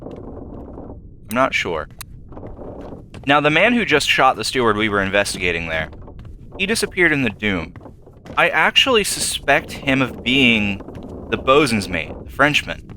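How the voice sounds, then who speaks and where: A young man doing let's play commentary, thinking aloud and hesitating, with sudden excited jumps. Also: mid-range voice, measured pace, long pauses, slight background noise. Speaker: gameplay commentator. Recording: faint game music behind.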